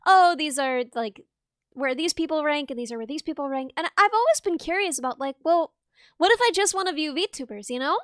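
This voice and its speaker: Bubbly high-voiced streamer woman. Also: no echo, clean studio sound. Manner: bubbly, excitable, quick to laugh. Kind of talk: casual chat on a livestream.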